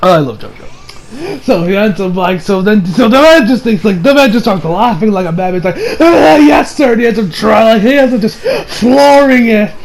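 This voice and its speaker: High, gravelly young man reviewing anime. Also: a little fast. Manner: excitable, swearing, laughing a lot. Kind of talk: casual review vlog.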